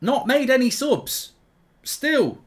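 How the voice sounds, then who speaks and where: Speaking very high-pitched and taking his time, this middle-aged man hosts a live football watchalong. He rants excitably and keeps repeating himself as the match unfolds.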